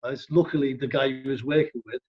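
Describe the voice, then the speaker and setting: A middle-aged man from Liverpool with a Scouse accent, telling a story in casual chat, animated and fast-talking, punctuating lines with "right?". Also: medium pitch, breathy edge, highs cut off. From Liverpool, England. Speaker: stunt coordinator guest.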